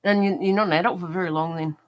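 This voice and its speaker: A woman's voice: lowish voice, steady tone, very fast. A woman reading silly online comments aloud on a comedy livestream, giggly and playful. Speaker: comment reader.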